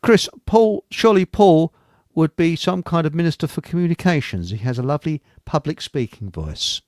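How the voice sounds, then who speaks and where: Casting: teasing, giggly man co-host, high lively voice, close and dry. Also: normal speed, no echo. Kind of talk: casual chat.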